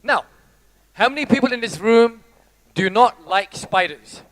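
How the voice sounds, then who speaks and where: Man, high-pitched voice, motivational speaker, playful, theatrical, addressing a live audience. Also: lively intonation, measured pace, fairly bright tone. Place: stage before a live audience.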